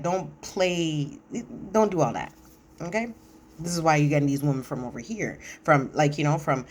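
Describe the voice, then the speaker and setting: Sassy low-voiced woman recapping reality TV. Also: slight background noise. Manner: chatty, sassy and opinionated, with frequent fillers. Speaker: reality TV review commentator. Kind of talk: casual recap commentary.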